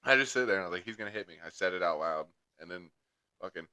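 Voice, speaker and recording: A man's voice: medium pitch, expressive, fast, pushed and bright, smooth, dry recording. A young man co-hosting a podcast, telling rambling stories in casual chat and swearing heavily. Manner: crude rambling storyteller, heavy swearing. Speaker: podcast co-host.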